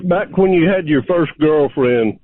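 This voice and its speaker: A man calling in to a radio show, hesitant and full of pauses as he sets up a joke. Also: a little high, a little hiss or hum. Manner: hesitant setup for a prank joke. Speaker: radio caller. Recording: tinny phone line.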